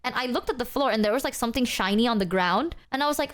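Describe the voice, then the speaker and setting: Chatty streamer woman, higher voice. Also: quick pace. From Southeast Asia. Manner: chatty, fillers of "like", acts out quotes. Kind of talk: casual storytelling to chat.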